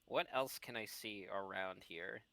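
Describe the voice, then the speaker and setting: A man playing in an online tabletop game, relaxed and plain as he describes his character's actions. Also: sits low, measured pace, creaky, no room sound. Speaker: player. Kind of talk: casual tabletop play over voice chat.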